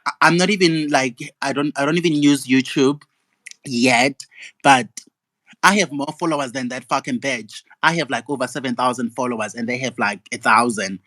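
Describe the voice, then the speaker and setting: Speaking at an ordinary pace in a steady, medium-pitched, slightly bright voice, this young South African man delivers an indignant, profanity-laced rant on his gossip vlog. There's no echo in the recording.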